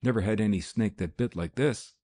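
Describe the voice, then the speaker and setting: A man's voice: lowish voice, a little fast, warm tone, natural voice. A man reading the part of a brash American snake expert, speaking in a folksy, pained way in an audiobook.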